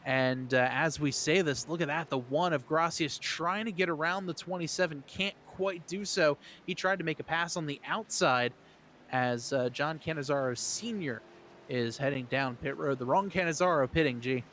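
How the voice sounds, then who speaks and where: A man calls a race in quick, energetic play-by-play. His voice sits a little high. A faint noise runs under the recording. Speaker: race commentator. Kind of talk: play-by-play commentary.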